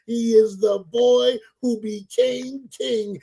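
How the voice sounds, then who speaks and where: High mellow-voiced man hyping a sports show. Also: husky, low-quality recording. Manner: playful hype, drawn-out shout-outs. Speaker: podcast host. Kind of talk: casual sports chat.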